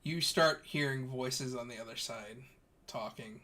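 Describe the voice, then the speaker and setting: A man running a tabletop role-playing game as game master, narrating the scene in a relaxed way with restarts. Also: medium pitch, a little slow. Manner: relaxed storytelling with fillers and restarts.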